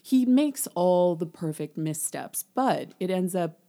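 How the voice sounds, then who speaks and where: A chatty woman co-hosting a book chat, her voice sitting a bit low. She talks loosely, laughs easily and trails off mid-thought. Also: animated, takes it slowly, warm tone. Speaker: podcast co-host. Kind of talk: casual book discussion chat.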